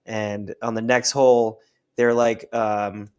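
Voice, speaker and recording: A man co-hosting a podcast, telling a golf story in a halting way with restarts. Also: on the low side, level tone, darkish tone, smooth. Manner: halting, lots of fillers and restarts. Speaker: podcast co-host. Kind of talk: casual chat.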